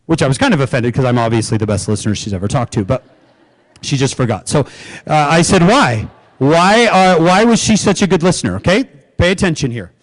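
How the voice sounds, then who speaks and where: A man's voice: a little high, expressive, brisk. A middle-aged man giving a keynote talk to educators, telling stories, acting out quoted voices and asking the audience questions. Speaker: keynote speaker. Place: conference venue before an audience.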